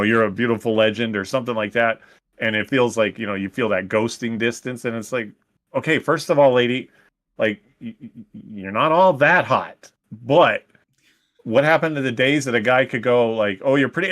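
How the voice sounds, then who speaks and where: A man's voice: mid-range voice, a bit bright. Rambling man in casual banter. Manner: rambling, filler-heavy, joking. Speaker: streamer co-host. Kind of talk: casual podcast chat.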